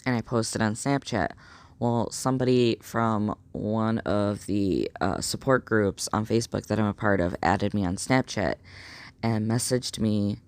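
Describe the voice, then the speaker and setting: Young man with a gravelly, creaky voice. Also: on the low side, a little slow. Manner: rambling, full of "like" and "um", excitable. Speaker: vlogger. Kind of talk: casual storytelling vlog.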